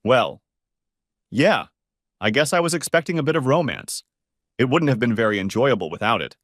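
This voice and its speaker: A man reading a story aloud, voicing a tearful, pleading wife who breaks into shrill outbursts. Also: lively intonation, normal speed, no room sound, studio quality, lightly acted.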